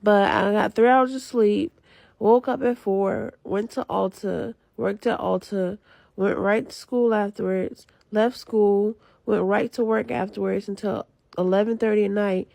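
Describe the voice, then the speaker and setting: A woman's voice: mid-range voice, steady tone, unhurried, gravelly, darkish tone, no room sound. A young woman, a student with a retail job, lying in bed and venting about being exhausted, swearing often. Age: young adult. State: very tired. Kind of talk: casual vlog confession.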